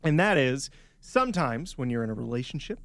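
A man's voice: medium pitch, big pitch swings, a little fast, fairly bright tone. A man, a radio producer, explaining at length in a studio, rambling and hesitant with many fillers. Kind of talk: casual podcast banter.

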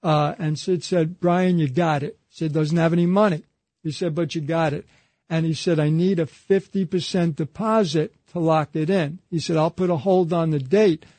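Interviewed as a guest, this man recounts a long story mostly as quoted dialogue, dropping "he said" frequently. His voice sits on the high side, steady and slightly mellow, at normal speed in a dry recording.

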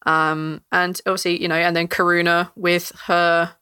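A woman's voice: on the low side, little pitch movement, moderate pace, sharp tone, clean tone. A woman narrating as game master in a chatty way, with many fillers and laughs.

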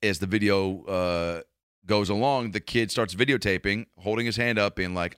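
A man's voice: fairly low pitch, fairly even intonation, moderate pace, fairly bright tone, smooth, dry recording, studio quality. A man, a comedian, rambling through a profane, casual monologue full of restarts.

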